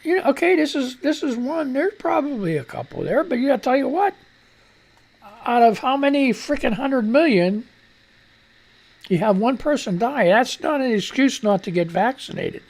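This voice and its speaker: A man with a gravelly, rough-edged voice hosts a live radio show, ranting and swearing between news items. He grumbles at his microphone and drifts on and off it, his level jumping as he moves. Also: very high voice, lively intonation, normal speed, darkish tone. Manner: profane, irritable rant, fiddling with the mic. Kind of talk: unscripted live radio talk and news reading. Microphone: studio microphone at shifting distance.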